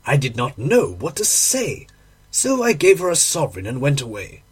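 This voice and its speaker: Husky, animated male audiobook reader. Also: a little high, moderate pace. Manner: expressive, emotional storytelling. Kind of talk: dramatic audiobook narration.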